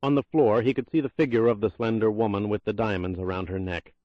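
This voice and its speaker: Low-voiced man narrating a thriller. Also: steady tone, quick pace, dry recording, lo-fi sound. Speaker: audiobook narrator.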